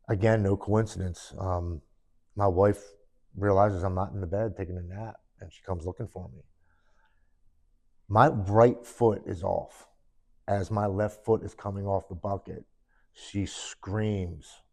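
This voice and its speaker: Guest, man, very low voice, earnest first-person storytelling in the present tense, sit-down interview. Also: fairly even intonation, measured pace, gravelly, a little mellow. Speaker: podcast guest. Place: studio, in person with hosts.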